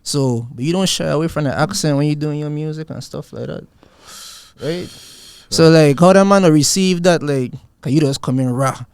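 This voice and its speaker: A man's voice: a little high, moderate pace, smooth, no room sound, clean studio sound. A man hosting a podcast interview, asking questions in hyped, slangy casual talk. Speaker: podcast host.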